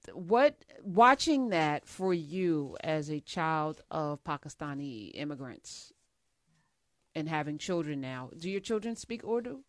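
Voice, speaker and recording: Blunt low-voiced woman host. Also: expressive, a little slow, dry recording. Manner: blunt, frank. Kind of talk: casual conversation.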